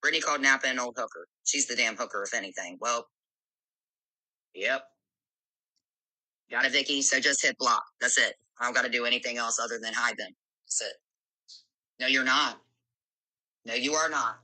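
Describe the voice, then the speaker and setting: A woman's voice: very deep voice, moderate pace, pauses often, pushed and bright, no room sound, low-quality recording. A woman hosting a live stream, brashly moderating callers and scolding them with plenty of profanity. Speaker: livestream host.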